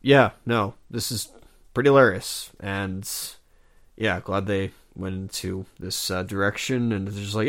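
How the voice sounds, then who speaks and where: A man with a fairly low voice co-hosting a casual podcast. He talks in a relaxed, joking way. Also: unhurried. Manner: laid-back and joking, with frequent laughs. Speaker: podcast co-host. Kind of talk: casual comic book discussion.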